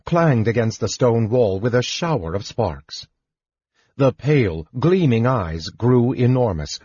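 A man narrating an audiobook in a measured, deliberate way. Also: lowish voice, darkish tone, breathy edge, no echo. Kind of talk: scripted narration. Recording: dull lo-fi recording.

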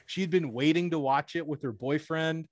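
A young man in his twenties telling stories about his cashier work in a rambling, casual way, full of "like" and restarts, and acting out the people he quotes with sudden high-pitched bursts and laughs. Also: normal speed, no echo. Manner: rambling, many "like" fillers and self-corrections. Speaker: retail cashier. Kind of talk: casual storytelling chat.

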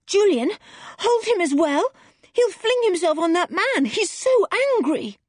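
A woman's voice: extremely high pitch, very animated, a little slow, no echo, studio quality, voice pushed up, exaggerated voice. A woman voicing an anxious young girl pleading urgently for help.

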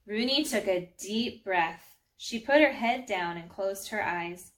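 A woman reading a children's storybook aloud in a gentle, friendly way, speaking to young listeners. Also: mid-range voice, expressive, slow pace. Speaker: children's book reader.

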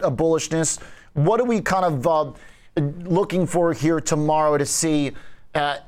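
Animated man hosting a market panel. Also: a little high. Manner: questioning, animated, many fillers. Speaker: host. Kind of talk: financial news panel discussion.

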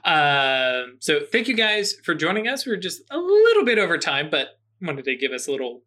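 Bright-voiced man hosting a game. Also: on the high side, wildly swooping pitch, moderate pace. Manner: rambling, filler-heavy, chuckling. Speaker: game master and host. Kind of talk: tabletop game wrap-up chat.

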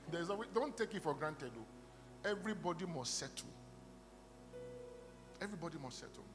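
A man delivers a sermon in a church hall, his voice sitting a little high for a man. Long reverb trails each phrase, and instrumental music plays clearly behind him. He shifts from quiet storytelling to loud bursts of prayer. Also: lively intonation, normal speed, long pauses. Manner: preaching with rising bursts of loudness in prayer. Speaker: pastor.

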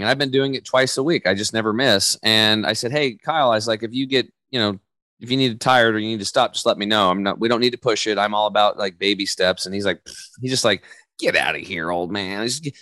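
A man in his forties, a podcast guest talking in a loose, energetic, casual way and acting out quoted voices as he tells stories. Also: fairly low pitch, fast, no room sound. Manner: energetic, loose storyteller who acts out quotes. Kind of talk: casual interview chat.

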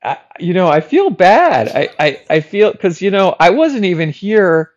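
Giggly, halting man on a dull line. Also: sits high, very animated. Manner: rambling, giggly, halting with restarts. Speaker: comedy guest. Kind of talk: casual improv chat.

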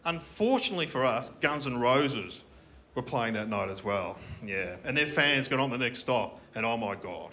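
A man's voice: medium pitch, lively intonation, normal speed, bright, forceful tone, slight background noise. A middle-aged Australian man performing a stand-up comedy routine on a festival stage, telling a story and acting out the characters in it. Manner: storytelling with acted-out characters and punchlines. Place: comedy festival stage before a live audience.

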